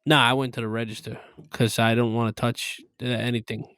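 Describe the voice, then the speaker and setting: A man's voice: mid-range voice, level tone, fairly quick, a bit bright, clear, resonant tone, dry recording, clean studio sound. A man co-hosting a podcast, chatting casually, swearing often and laughing a lot. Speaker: podcast co-host. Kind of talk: casual chat.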